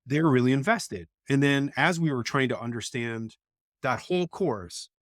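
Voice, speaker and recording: A man's voice: mid-range voice, normal speed, fairly bright tone, no echo, clean studio sound. A middle-aged man, an education professor, talking bluntly and candidly as an interview guest, telling stories from his classes. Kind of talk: casual conversational interview.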